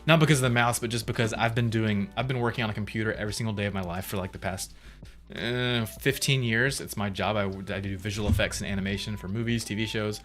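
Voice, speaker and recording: A man's voice: fairly low pitch, fairly even intonation, fast talker, a bit bright. A man in his thirties chatting casually on a livestream, rambling, laughing often and reading chat aloud. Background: faint music.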